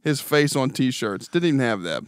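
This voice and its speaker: A man's voice: mid-range voice, lively intonation, moderate pace, smooth, dry recording, clean studio sound. A young man co-hosting a podcast, teasing his friend and laughing often in casual chat. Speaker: podcast co-host.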